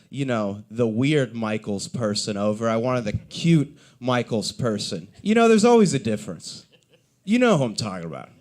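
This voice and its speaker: A man's voice: medium pitch, darkish tone. A young man performing a stand-up set at an open mic, rambling and self-deprecating, acting out the voices of the people in his stories. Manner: rambling, self-deprecating storytelling with acted-out quotes. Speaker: stand-up comedian. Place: coffee shop open mic.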